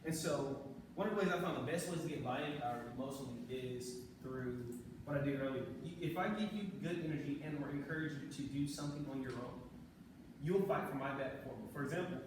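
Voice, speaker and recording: A man leading a leadership workshop, energetic and coaxing, asking the room questions, recorded from far off in an echoey room. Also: mid-range voice, a little fast, background noise. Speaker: leadership trainer. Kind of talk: live workshop facilitation.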